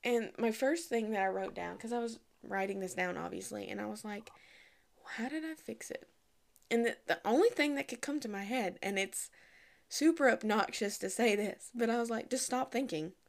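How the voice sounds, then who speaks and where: A young woman giving casual, candid advice to the camera, chatty and frank, with lively asides. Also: medium pitch, brisk, vocal fry. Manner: chatty, candid, acts out quoted voices.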